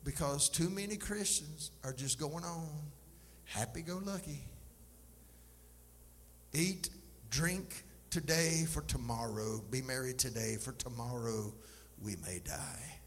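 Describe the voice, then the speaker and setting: A man's voice: medium pitch, takes it slowly. A man preaching a sermon as pastor, emphatic and impassioned, with folksy asides to his congregation. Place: church sanctuary. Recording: live church recording, long reverb, faint noise.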